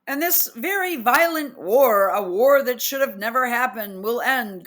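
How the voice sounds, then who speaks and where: A woman with a bright, fairly high voice rants in exasperated disbelief while reading posts aloud. She talks slowly and deliberately, her pitch leaping high in incredulity as she picks apart each grammar mistake in casual commentary. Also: animated.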